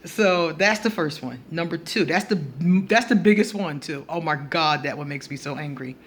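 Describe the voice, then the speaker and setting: A woman talking straight to camera in a casual astrology vlog, blunt and animated, breaking into laughter between her points. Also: deep voice, moderate pace, husky. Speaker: astrology vlogger.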